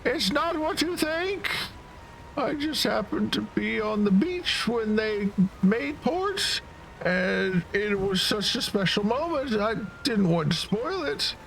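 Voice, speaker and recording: A man voicing a fussy, excitable young woman in a game, in a high falsetto. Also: slow pace, gravelly, slight background noise, heavily acted, low-quality recording. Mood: flustered.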